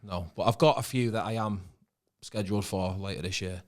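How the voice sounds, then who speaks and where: A man with a Manchester accent, an actor guest in casual podcast chat, relaxed and swearing now and then, often trailing off mid-sentence. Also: low voice, brisk. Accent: Mancunian.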